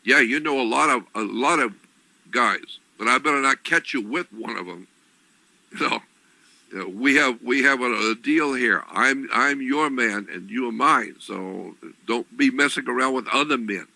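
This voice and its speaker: A man's voice: mid-range voice, normal speed, vocal fry, bright, forceful tone, dry recording, exaggerated voice, poor audio. A man voicing a jealous young boyfriend who casually warns his girlfriend to stay away from other men. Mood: possessive. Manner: possessive, casual.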